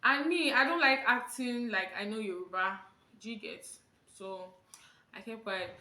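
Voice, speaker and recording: A young woman with a Nigerian accent recounts a story on her vlog, with lively acted-out quotes. Her voice sits high and bright. It rings off the walls of a roomy, echoey space. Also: moderate pace. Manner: animated storytelling, acting out quotes in Pidgin and Yoruba. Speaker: vlogger.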